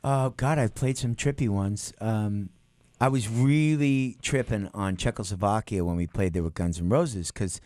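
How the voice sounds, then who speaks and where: A middle-aged man, a guest musician, telling tour stories on a radio show in an animated way, swearing and acting out other people's lines. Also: lowish voice, moderate pace, dry recording. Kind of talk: casual storytelling on a radio show. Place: radio studio.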